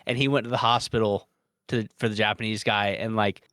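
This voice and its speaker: A man co-hosting a podcast, telling stories in animated casual chat and quickly apologizing. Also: on the low side, dry recording.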